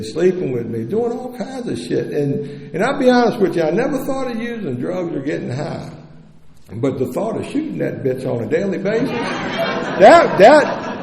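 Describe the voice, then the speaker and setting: A man's voice: a little high, creaky, a little mellow. A middle-aged man at a recovery convention telling his personal story in a blunt, profane and candid way, speaking into a podium microphone. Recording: echoey hall with long reverb.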